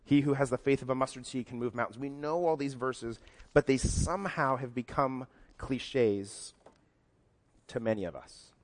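Male pastor, mid-pitched, conversational sermon with acted-out quotes, large echoing church. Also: normal speed. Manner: conversational, acts out quotes in varied voices. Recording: long hall reverb.

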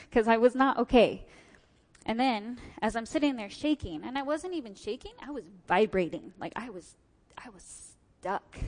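A woman's voice: a little high, expressive, normal speed. A woman telling a personal story to an audience, vividly acting out what people said to her. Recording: long hall reverb.

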